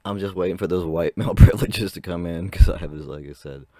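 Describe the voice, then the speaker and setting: A man's voice: low voice, quick pace, a crowd in the background. A young man whose voice still cracks, telling a rambling story to camera with frequent laughs. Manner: chatty, rambling, laughs often. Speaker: vlogger.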